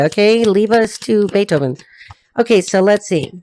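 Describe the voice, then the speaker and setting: Woman tarot reader, casual and foul-mouthed, slightly cracking voice, mid pitch, dry room. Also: expressive, moderate pace, dark tone, dry recording. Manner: blunt, profane, laughs often. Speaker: tarot reader and life coach. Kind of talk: casual tarot reading to camera.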